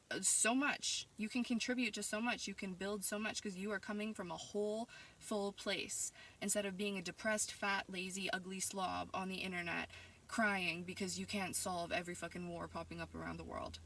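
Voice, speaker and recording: A young woman from Canada talks into her camera, answering hostile messages with mocking sass and spiritual preaching that can turn into a heated rant. Her voice is bright and sharp. She sits a little back from the mic. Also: mid-range voice, steady tone, normal speed, distant mic, a little hiss or hum. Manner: sassy, mocking and spiritual, rising into heated ranting. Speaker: vlogger. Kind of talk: casual monologue reading and answering messages.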